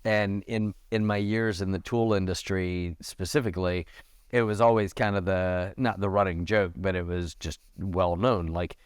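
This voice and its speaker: In clean, studio-quality sound with no room noise, a middle-aged man chats animatedly at a moderate pace as a podcast guest. His tone is clean, and while telling stories he acts out what others said in a raised voice.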